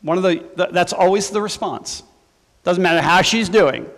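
Male pastor, high voice, chatty sermon delivery, reverberant hall sound. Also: expressive, normal speed. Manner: conversational preaching with asides and humor.

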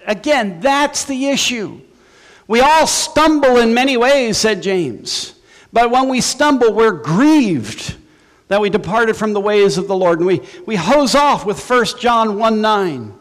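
High-voiced man preaching in a hall. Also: sing-song, a little slow, a bit bright. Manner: conversational preaching with asides and humor. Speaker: pastor. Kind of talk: sermon.

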